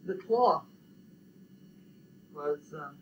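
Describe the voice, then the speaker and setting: A man's voice: animated, very slow, dull audio, a little hiss or hum. An older man, musing and rambling in a casual chat about building projects and dogs. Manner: rambling, musing, low-key.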